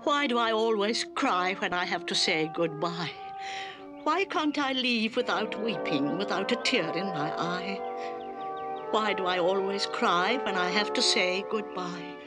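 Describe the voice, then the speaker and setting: A fussy, sentimental old storyteller voiced by a woman from a 1960s cartoon musical, her voice rising and falling in a slow, motherly lilt. She speaks with prim, sing-song care. Orchestral music plays under her. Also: mid-range voice, animated, lightly acted.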